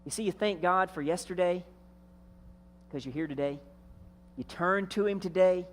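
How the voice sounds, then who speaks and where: A man preaching a sermon as senior pastor. He tells a story, drawing out key words and letting phrases trail off softly. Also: high voice, moderate pace, a little hiss or hum.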